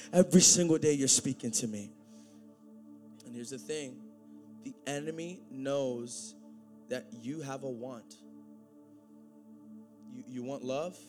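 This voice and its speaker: A man preaching a sermon, swinging from loud, excited preaching to quiet, intense talk. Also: fairly high pitch, moderate pace, pauses often, faint music behind.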